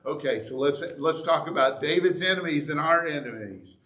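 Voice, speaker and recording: A man's voice: fairly high pitch, moderate pace, a bit bright. A middle-aged male pastor giving a conversational sermon with asides and restarts in a church sanctuary. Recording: echoey church room.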